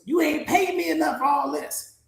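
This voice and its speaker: A man's voice: very high voice, moderate pace, vocal fry, roomy sound, pitched above the performer's own voice, full character voice. A man voicing a stressed, indignant male guard dog who complains with sass about what he never agreed to do. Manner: complaining, sassy and fed up.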